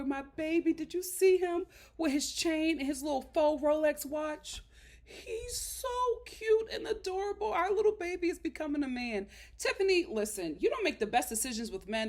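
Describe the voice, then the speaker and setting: A woman vlogger talks straight to camera from a small studio, reviewing a reality show. Her voice sits a little high, and her delivery is sassy and outspoken, with animated swings between scolding and fond. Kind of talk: casual commentary to camera.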